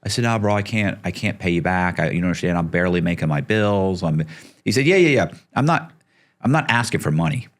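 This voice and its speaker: A man's voice: low-pitched, fast. A middle-aged man telling a story as a podcast guest, acting out the people he quotes and swearing casually.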